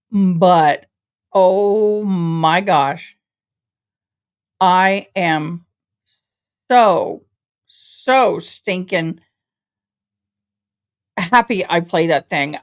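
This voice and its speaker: Slow-talking woman livestreamer. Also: lowish voice. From Tennessee. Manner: chatty, addresses chat as y'all. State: tired. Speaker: livestream host. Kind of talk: casual livestream chat. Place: home office.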